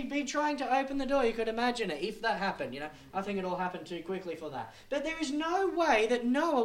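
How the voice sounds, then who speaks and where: A man preaching a sermon, moving between quiet, low storytelling and loud, insistent warning. His pitch rises and falls widely as he works up to his points. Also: very animated, a little fast, few pauses, background noise. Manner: storytelling, rising to emphatic preaching.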